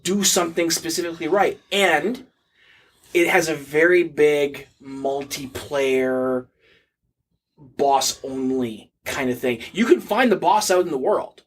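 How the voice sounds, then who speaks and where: A man's voice: on the high side, slow. A man co-hosting a casual gaming podcast, giving blunt, opinionated takes. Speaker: podcast co-host.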